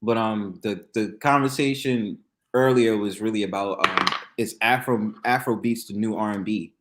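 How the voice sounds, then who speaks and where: A man hosting a casual talk show, telling stories in lively, slangy speech and laughing often. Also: on the low side, moderate pace, heavy background noise. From New York. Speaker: podcast host. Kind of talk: casual chat.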